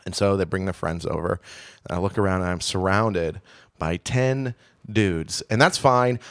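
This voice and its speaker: A man's voice: sits low, normal speed, fairly bright tone, smooth. Candid rambling man telling a story. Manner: candid, rambling, lots of restarts and "right?". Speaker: podcast co-host. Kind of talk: casual storytelling chat.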